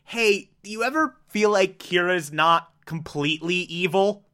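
A man doing an earnest young officer who rambles and restarts, unsure of himself. His voice is bright and a bit raised. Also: sits high, measured pace.

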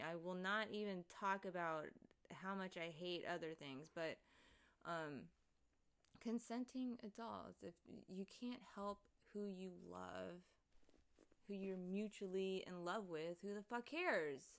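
A woman's voice: fairly low pitch, smooth. A young woman livestreaming, chatting casually and rambling with lots of swearing and laughing asides as she reads the chat.

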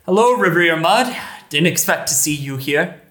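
A man voicing a friendly, easygoing male turtle who greets people loudly and casually. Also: sits high, moderate pace, voice pushed up. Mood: cheerful. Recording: echoey room.

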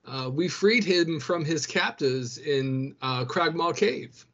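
A man's voice: on the high side, slow, a bit bright, muffled recording. A man playing a tabletop game, addressing a character politely and formally, often restarting his sentences. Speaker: player. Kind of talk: in-character tabletop role-play.

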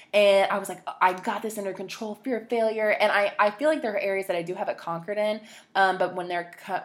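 A young woman hosting a podcast, telling a personal story in a rambling, emotional way, full of "like" and restarts. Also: lowish voice. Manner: rambling, emotional, heavy use of "like". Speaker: podcast host.

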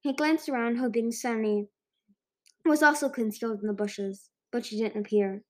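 Woman reading a dragon storybook aloud, bit high voice, trips over words and restarts. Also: normal speed, darkish tone. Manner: reads with frequent slips and restarts. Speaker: audiobook reader. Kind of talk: amateur audiobook narration.

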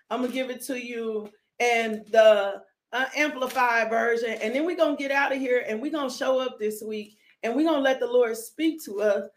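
A woman with a voice on the high side preaches a fervent sermon. She bursts into sudden whoops, leads call-and-response, and calls out congregation members by name.

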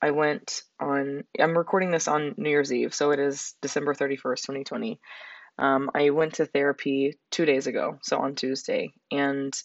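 A woman in her twenties with a hoarse, raspy voice, hosting a reflective solo podcast in an earnest, rambling way. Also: rumbling low, steady tone, moderate pace, no echo. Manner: earnest, rambling, with frequent likes and laughs. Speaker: podcast host. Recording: dull, slightly lo-fi sound.

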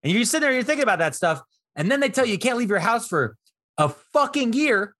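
A man in his thirties co-hosting a casual comedy podcast, telling bits in an animated way and jumping into high voices for characters. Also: fast, dry recording, studio quality. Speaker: podcast co-host.

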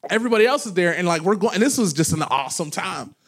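A man in his thirties, a pastor preaching a sermon, loud and animated as he tells stories with laughs. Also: sits high, fast talker. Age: 30s. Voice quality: loud talker. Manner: animated storytelling with laughs and acted quotes. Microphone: handheld microphone held away from mouth.

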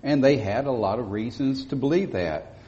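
A man preaching a sermon as pastor, speaking emphatically and rising to loud stresses on key words. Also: mid-range voice, moderate pace. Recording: dull lo-fi audio with long church reverb.

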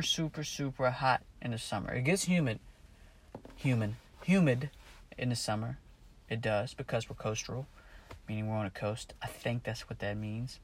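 A man's voice: medium pitch, a little hiss or hum. A man from Maryland talking casually to camera while driving his car, meandering and correcting himself as he goes. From Maryland, USA. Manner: chatty, meandering, self-correcting, apologizes for cussing. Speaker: vlogger. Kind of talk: casual rambling monologue.

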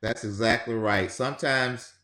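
A man's voice: medium pitch, normal speed, echoey room. A man speaking as a guest in a casual conversation about grief, telling stories and acting out what people say. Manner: animated storytelling, acting out quotes.

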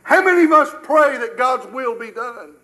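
A man's voice: very high-pitched, animated, normal speed, pushed and bright, rough recording. An older American man preaching a sermon with emphatic rhetorical questions, his delivery surging and dropping.

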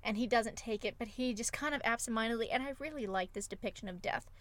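A woman's voice: on the high side, fast. A woman co-hosting a podcast, retelling film scenes with emotive enthusiasm in casual chat. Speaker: podcast co-host.

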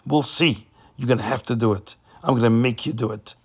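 A man voicing a domineering prince in a told story, commanding and raspy. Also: mid-range voice, brisk, lightly acted. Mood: threatening. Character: domineering male prince, quick to anger.

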